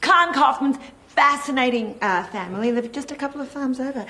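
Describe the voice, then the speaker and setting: A woman's voice: high-pitched, brisk, bright, forceful tone. An actress playing a flustered woman who poses as a farm author and hurries to keep the story straight. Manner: flustered, talking over herself, bossy under pressure.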